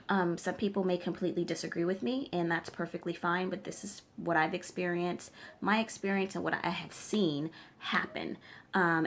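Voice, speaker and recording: A faint hiss or hum runs under this woman's lowish voice. As a tarot reader and spiritual practitioner, she delivers emphatic guidance straight to her viewers in a vlog, often checking in as she lectures.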